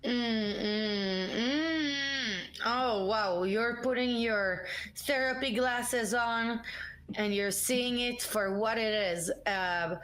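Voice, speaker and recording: A woman's voice: mid-range voice, fairly bright tone. A young woman co-hosting a live stream, joking playfully and laughing often. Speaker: co-host of a live interactive show. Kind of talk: casual live-stream chat.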